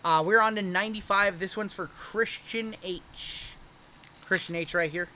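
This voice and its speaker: A man hosts a live card break, talking casually and reacting with upbeat energy as each pack opens. His voice is bright and forceful and sits a touch high. Faint ambient noise sits under the talk. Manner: chatty, upbeat, and quick to react to pulls.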